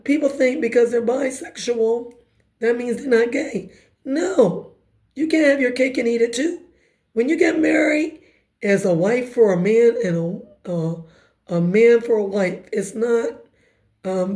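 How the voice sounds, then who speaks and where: Raspy woman, slightly high, warm tone; emphatic conversational testimony. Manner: emphatic, conversational, quick asides. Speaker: speaker giving personal testimony. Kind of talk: personal testimony storytelling.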